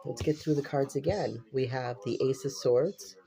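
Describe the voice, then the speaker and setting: This man reads tarot casually in a mid-range, creaky, mellow voice at a moderate pace. His nose sounds stuffed up, giving an unusual quality, and he keeps repeating himself, exclaiming and swearing offhandedly.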